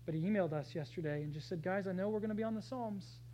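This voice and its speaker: Animated preacher with a mid-range voice. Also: medium pitch, very fast, a little hiss or hum, low-quality recording. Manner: animated, swings between loud emphatic scripture reading and hushed asides; conversational, addresses the congregation directly. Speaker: pastor. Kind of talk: sermon.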